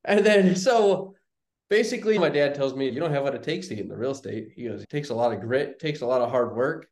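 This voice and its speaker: A man's voice: medium pitch, fast talker. A young man, a guest on an interview show, casually telling a story and acting out the dialogue. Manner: animated storyteller, acts out quoted dialogue. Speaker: guest, real estate investor. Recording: roomy echoey sound.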